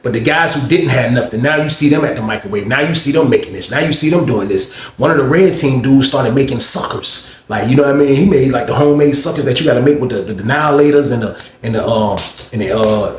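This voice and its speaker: A man's voice: mid-range voice, quick pace, hardly any pauses. A young man telling a rambling, slangy story in a casual way, tossing in "man" and "you know what I mean" often. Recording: roomy echo with faint background noise.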